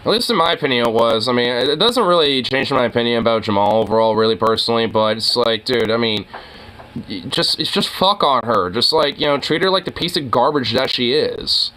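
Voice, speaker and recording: A man riffs through a casual reaction commentary, rambling and heated, tripping over fillers and restarts. His voice is bright and forceful. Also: medium pitch, animated, a little fast.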